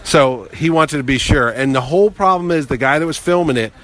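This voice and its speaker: A middle-aged man telling a long anecdote in a casual way, animated and acting out other people's lines. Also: a little high, fairly quick. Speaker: guest telling stories.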